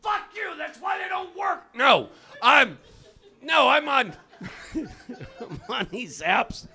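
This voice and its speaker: An older man doing a stand-up comedy set in a club, loud and profane, often shouting his punchlines. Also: extremely high pitch, big pitch swings, takes it slowly, a faint crowd. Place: comedy club stage, live audience.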